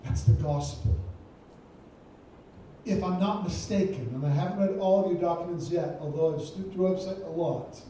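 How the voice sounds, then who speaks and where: A man preaches a sermon with emphatic, repeated phrases. His voice sits high for a man yet sounds very dark and mellow. He is caught from well back in a very echoey church, with faint room ambience behind. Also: moderate pace, far from the mic, slight background noise. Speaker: guest preacher. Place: church sanctuary.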